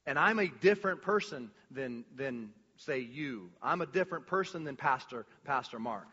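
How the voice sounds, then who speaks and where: A man preaching a sermon as a pastor, casual and animated, full of slang and restarts. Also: mid-range voice, moderate pace, husky, in a large hall, highs cut off.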